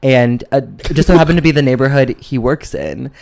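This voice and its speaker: A man's voice: medium pitch, brisk, gravelly. Sassy young man telling a story. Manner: animated, sassy, acts out quotes. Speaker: podcast co-host. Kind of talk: casual chat, storytelling.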